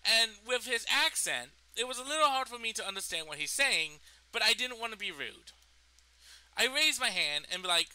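A young man rambles through a personal story, swearing and restarting his sentences. His voice sits high and sounds very bright and sharp. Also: very animated, moderate pace, clean tone, poor audio. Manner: rambling, profane, full of fillers and restarts. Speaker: storytime vlogger. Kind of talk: casual storytime.

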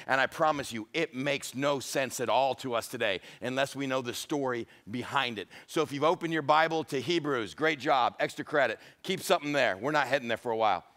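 A man's voice: mid-range voice, brisk, few pauses, a bit bright. A male pastor preaching a humorous, storytelling sermon.

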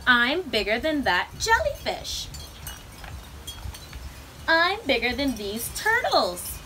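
A woman's voice: high voice, huge pitch swings, takes it slowly, pushed and bright, slight background noise, exaggerated voice. A woman voicing a proud, boastful giant squid in a picture-book reading.

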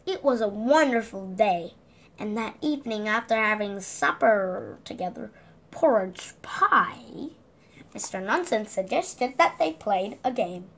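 A woman reading a picture book aloud to children in an animated way, asking the listener questions along the way. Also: medium pitch, moderate pace, slight background noise. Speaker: children's story reader.

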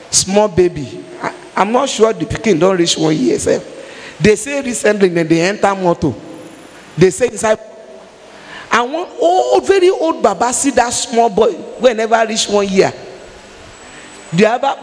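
Nigerian woman evangelist, emphatic fervent sermon, long hall reverb. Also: mid-range voice. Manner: emphatic preaching, rising to fervent prayer.

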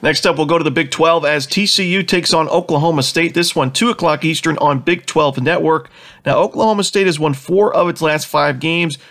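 A man with a head cold talks through his sports picks at a rapid clip, his voice nasal and pitched a little high. He sounds confident, piles up stats and leans on "you know" fillers. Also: a bit bright. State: has a cold. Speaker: sports betting analyst host. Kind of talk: fast sports betting picks rundown.

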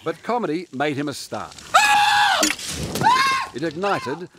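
A man's voice: fairly high pitch, sing-song, slow, shouting. Man narrating a TV profile. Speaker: reporter narrator. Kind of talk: scripted TV documentary narration. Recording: clear background noise.

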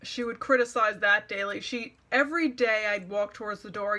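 A woman's voice: medium pitch, moderate pace, hardly any pauses, bright, forceful tone. Exasperated young woman ranting sarcastically. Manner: exasperated, sarcastic, mocks others' words. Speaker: vlogger. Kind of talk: personal storytime rant.

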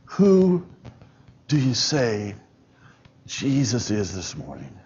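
A middle-aged pastor preaching a sermon in a church, impassioned and near tears, dropping to a soft, low voice and rising to loud, urgent pleas. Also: male voice, wildly swooping pitch, slow, slightly rough, dull audio. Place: church sanctuary.

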